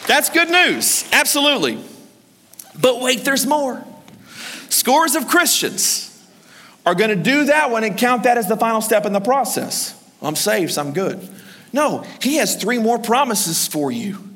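A man preaching a sermon as pastor, energetic and urging the congregation to answer back. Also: extremely high pitch, unhurried. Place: large church hall. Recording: reverberant church hall.

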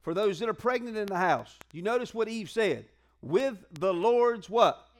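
Male preacher, high-pitched, chatty call-and-response sermon delivery. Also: animated, fairly quick. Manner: conversational, call-and-response preaching with colloquial asides. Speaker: pastor.

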